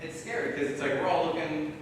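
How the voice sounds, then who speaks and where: A man's voice: a little high, steady tone, fast talker, slight background noise. A man chatting loosely on a panel at a live Q&A, trailing off mid-sentence. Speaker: paranormal investigator on a panel. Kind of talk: casual chat at a live Q&A. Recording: echoey hall, voice from far off.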